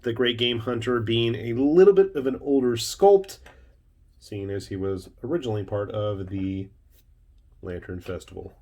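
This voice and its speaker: A man talks through a miniature kit in a relaxed, chatty way, tossing in wry jokes and little asides. His voice sits at an ordinary middle pitch. He sounds like a hobbyist hosting his own channel. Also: normal speed. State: hiccuping. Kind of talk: casual unboxing and build commentary.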